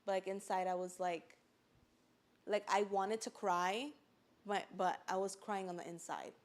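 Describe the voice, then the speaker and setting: A woman's voice: medium pitch, steady tone, measured pace. A woman speaking casually and earnestly about her own experience on a podcast, often saying "like" and at times holding back tears. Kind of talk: casual personal testimony.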